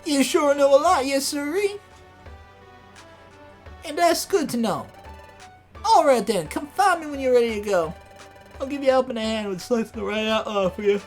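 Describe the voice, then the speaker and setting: A woman's voice: fairly low pitch, a little fast, soft background music. A woman voicing an eager, humble young male beaver Pokémon with a put-on folksy Southern drawl. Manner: folksy Southern drawl, excitable, says 'by golly'.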